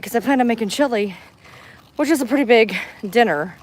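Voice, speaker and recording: A fairly high-pitched, animated woman talks a little fast as she vlogs live from her phone while strolling outdoors in a park. She chats casually, a bit out of breath, and gets chirpy whenever she speaks to passersby.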